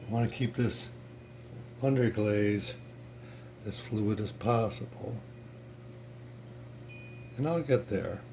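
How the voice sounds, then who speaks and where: A ceramics instructor with a fairly low-pitched voice gives a casual how-to demonstration in a pottery studio. He talks slowly and pauses often, relaxed and chatty, full of fillers and restarts, with slight background noise.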